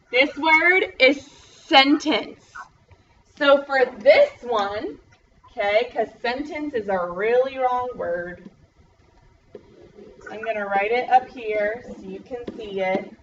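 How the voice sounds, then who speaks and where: A young woman teaching a first grade class over a video call, slowly spelling out words in a bubbly, encouraging way. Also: a little high, fairly bright tone, lo-fi sound, a little hiss or hum. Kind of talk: online class lesson.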